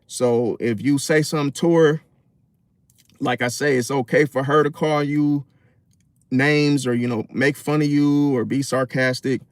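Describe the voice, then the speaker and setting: A man's voice: medium pitch, steady tone, a little slow, dry recording, clean studio sound. A man in a casual, rambling monologue about relationships and astrology, slangy and profane, full of fillers.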